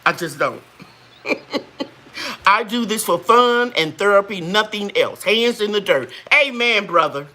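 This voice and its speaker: A woman's voice: mid-range voice, lively intonation, slow pace, sharp tone. A woman hosting a live gardening chat, folksy and chatty, greeting viewers and laughing often. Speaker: gardening channel host.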